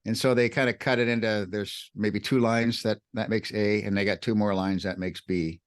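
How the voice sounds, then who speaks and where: A man co-hosting a podcast, teaching the Bible in an animated way, swinging his pitch up and down to stress words. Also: moderate pace, hardly any pauses. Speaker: podcast co-host.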